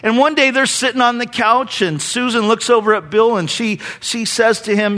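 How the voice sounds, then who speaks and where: High-voiced preacher guy, tells jokes and stories, slows way down and gets soft on the big lines. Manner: storytelling, with rhetorical questions and jokes; slows and drops his voice at key phrases. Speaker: pastor. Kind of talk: sermon.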